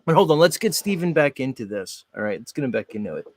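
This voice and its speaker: A man's voice: medium pitch, very animated, fast, no echo. A man hosting a talk show, speaking bluntly with profanity and challenging his guest. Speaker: host. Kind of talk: opinionated talk-show commentary.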